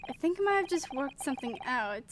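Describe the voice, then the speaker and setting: A woman's voice: sits high, sing-song, fast talker, noisy background. A woman voicing an earnest young male defense lawyer as she reads game dialogue aloud.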